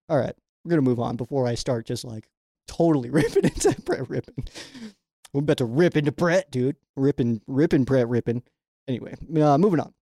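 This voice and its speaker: A man's voice: medium pitch, a little fast, warm tone, dry recording, studio quality. Rambling young man talking football. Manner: rambling, filler-heavy, with frequent "like". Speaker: sports show host. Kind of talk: casual fan commentary with viewer questions.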